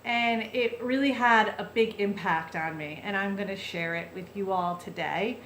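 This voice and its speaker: A woman's voice: medium pitch, moderate pace, fairly bright tone, reverberant, a little hiss or hum. A woman vlogger telling a heartfelt personal story in a chatty, casual way, full of fillers and restarts.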